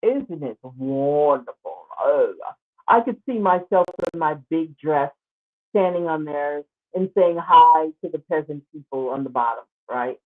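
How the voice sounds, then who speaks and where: A woman's voice: deep voice, expressive, unhurried. A woman hosting a show, giving casual, sarcastic commentary as she exclaims over pictures. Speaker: show host. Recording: tinny phone-like line.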